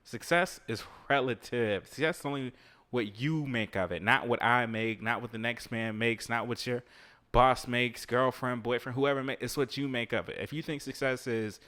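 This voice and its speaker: A relaxed man of middle pitch talks off the cuff as a podcast host, giving motivational advice to his listeners. He swears, laughs easily and comments on the video game he is playing as he goes. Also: normal speed. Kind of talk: casual motivational monologue.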